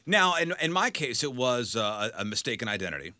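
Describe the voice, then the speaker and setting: Animated male radio co-host. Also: medium pitch, fairly quick, no echo. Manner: animated storyteller, yells for effect. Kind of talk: casual morning-show banter.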